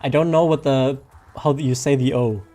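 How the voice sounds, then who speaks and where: A man's voice: mid-range voice, fairly even intonation, moderate pace, warm tone, faint music behind. Chatty male streamer. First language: German. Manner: rambling, chatty, reads viewer names aloud. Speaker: game streamer. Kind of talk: casual stream chat.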